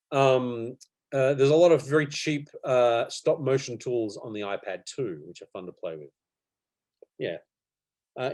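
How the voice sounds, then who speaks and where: A middle-aged man teaching animation in a live online workshop over a video call. He talks in a relaxed, chatty way, with many fillers and soft laughs. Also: medium pitch. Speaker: animation instructor.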